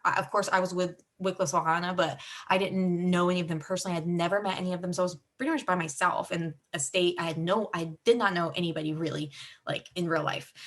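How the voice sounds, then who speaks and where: A team director gives a mindset talk, her voice fairly low yet bright in tone. She's a young woman sharing a personal story with her team, casual and rambling, full of fillers and deeply heartfelt.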